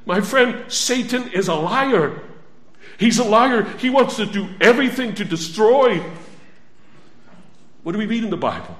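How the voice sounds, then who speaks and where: High-voiced preacher in an echoey room. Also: male voice, big pitch swings, moderate pace. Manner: emphatic, repeating phrases, swinging from hushed to loud. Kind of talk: sermon.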